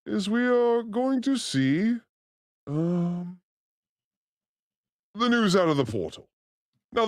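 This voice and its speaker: A man hosts a loose comedy livestream, cracking crude jokes and sliding into silly accents. His voice has a gravelly edge and leaps all over the place. The sound is close and dry. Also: sits high, dry recording. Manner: crude, joking, slips into put-on accents. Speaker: livestream host.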